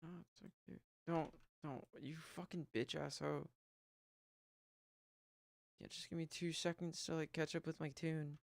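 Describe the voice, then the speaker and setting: A woman's voice: low voice, steady tone, unhurried, vocal fry, long pauses, dry recording. A woman streaming an online game, muttering frustrated remarks and swearing often. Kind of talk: casual gameplay commentary.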